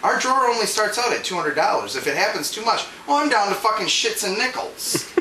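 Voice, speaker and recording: A man's voice: sits high, lively intonation, fairly quick, over a noisy crowd. A man ranting through a casual anecdote, profane and laughing as he talks. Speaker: storyteller. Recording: echoey room with background noise.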